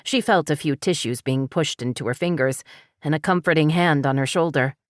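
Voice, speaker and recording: In clean studio sound with no room tone, a low-pitched female audiobook narrator reads from a novel. Her scripted storytelling stays measured and even throughout.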